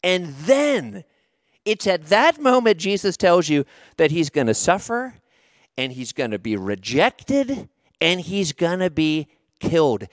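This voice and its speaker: A man delivers a sermon with a lively, swinging delivery, rising and falling across a somewhat high voice. He tells stories and poses questions to the congregation with gentle humor. The sound is dry and close. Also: slow, no room sound. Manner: storytelling with rhetorical questions and humor. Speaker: pastor.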